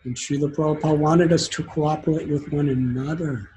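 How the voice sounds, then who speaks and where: A man's voice: on the high side, steady tone, fairly quick, mellow, a little hiss or hum, rough recording. A man giving a devotional sermon as a spiritual teacher, telling a story in an earnest, emotional way.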